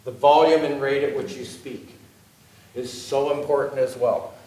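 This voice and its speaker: A man's voice: medium pitch, fairly even intonation, normal speed, warm tone. A man giving a workshop talk on job interviews to a live audience, speaking conversationally and often checking in with "okay?". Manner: conversational, repetitive, lots of "okay?" check-ins. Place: meeting room with an audience. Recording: echoey meeting room.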